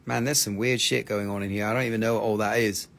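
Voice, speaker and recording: A man's voice: lowish voice, steady tone, quick pace, gravelly, a bit bright, slight background noise. A man with an American accent hosting a casual live-stream crystal sale, joking and swearing as he rambles over the stones. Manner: joking, profane, rambling while showing stones.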